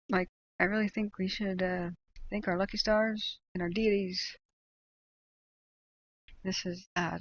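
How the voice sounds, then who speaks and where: A woman hosts a casual livestream, chatty and animated, slipping into rants between fillers and laughs. Her voice sits at a middling pitch. The audio is dull and a little lo-fi. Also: a little hiss or hum. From United States. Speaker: livestream host tracking wildfires.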